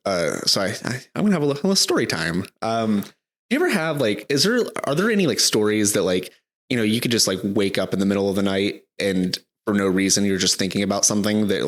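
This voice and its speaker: A young man co-hosting a podcast in casual chat, halting often with restarts and fillers. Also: fairly low pitch, lively intonation, fairly bright tone. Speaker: podcast co-host.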